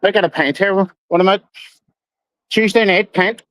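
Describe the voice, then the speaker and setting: A man's voice: high-pitched, normal speed, a bit bright, no echo, rough recording. Sweary man rambling. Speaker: livestream host. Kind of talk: casual livestream chat.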